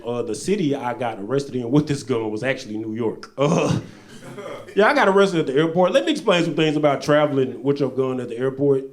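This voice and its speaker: Guy doing standup, middle-pitched voice, goes loud then drops low for asides, live stage mic. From Arkansas. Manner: loose storytelling, swings between loud bursts and low asides. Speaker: stand-up comedian. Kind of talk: stand-up comedy set.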